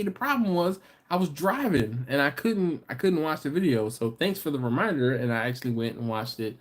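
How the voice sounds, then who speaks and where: Animated and fairly high-voiced, this livestream host reads out viewer comments in a relaxed stream. He banters playfully, teasing people, chatting away and laughing quickly.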